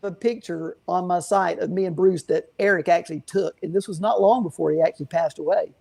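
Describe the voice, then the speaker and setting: A man's voice: sits high, fairly even intonation, fairly quick, vocal fry, a little mellow. A man who runs a guitar shop, answering interview questions with long rambling stories full of fillers. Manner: rambling, many fillers and restarts. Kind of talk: casual storytelling interview.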